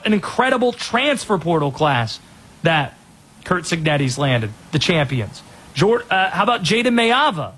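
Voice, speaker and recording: A man hosting a sports talk show, giving energetic, opinionated rundowns of players and teams. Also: high-pitched, husky.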